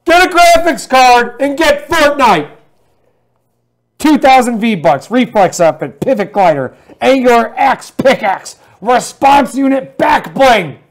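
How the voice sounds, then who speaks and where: A man putting on the voice of an over-the-top infomercial pitchman, shouting and drawing out his words. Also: animated, heavily acted. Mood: hyped. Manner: shouting, drawn-out hype.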